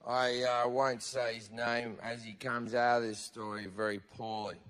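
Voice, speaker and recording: An Australian man performing profane stand-up comedy, telling stories loudly on a big theatre stage. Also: medium pitch, level tone, measured pace, long reverb tail. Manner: loud, profane storytelling with frequent shouting.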